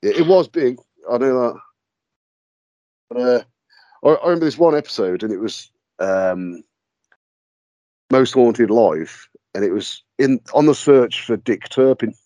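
A man tells stories as a podcast guest. He laughs often and swears casually, and his pitch swings widely. The recording is dry and close. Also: lively intonation, measured pace, pauses often, warm tone, dry recording, lo-fi sound. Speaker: podcast guest, paranormal investigator.

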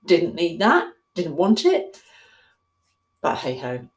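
Chatty woman in her sixties, lively voice. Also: slow. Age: 60s. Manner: chatty and self-mocking, laughing often, voice leaping high in mock panic. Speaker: vlogger. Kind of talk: casual storytelling monologue.

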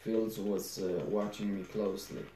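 A man's voice: fairly low pitch, flat delivery, warm tone, a little hiss or hum. A man reading a novel aloud, stumbling and restarting words as he goes. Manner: halting, frequent restarts and repeated words. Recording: roomy echo.

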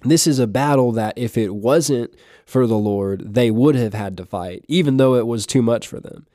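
Man, podcast preacher, warm mellow tone, halting delivery with fillers, dry recording. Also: mid-range voice, no echo. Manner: halting, many fillers and restarts, reads scripture aloud. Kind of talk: devotional podcast talk.

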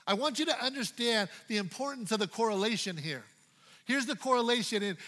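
A male pastor preaching a sermon in a playful, dynamic way, swinging from loud to hushed. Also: very high voice, long reverb tail.

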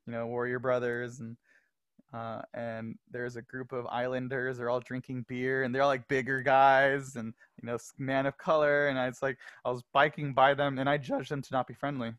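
Animated, laughing man telling stories. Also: mid-range voice, moderate pace, clean tone, no room sound, clean studio sound. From Los Angeles. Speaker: podcast guest. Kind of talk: casual storytelling.

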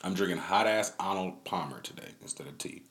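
A man's voice: deep voice, fairly quick, fairly bright tone. A man hosting his own streamed podcast, talking casually, swearing and rambling as he vents, recorded on a phone set up indoors. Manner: profane, rambling, venting with laughs. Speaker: podcast host. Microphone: phone on a stand.

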